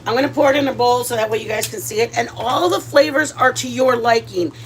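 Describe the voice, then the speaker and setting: Chatty woman cooking, fairly high voice. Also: fast, a little hiss or hum. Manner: chatty, rambling, many fillers and restarts, mixes in Spanish words. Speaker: cooking vlog host. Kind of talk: casual cooking chat. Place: home kitchen.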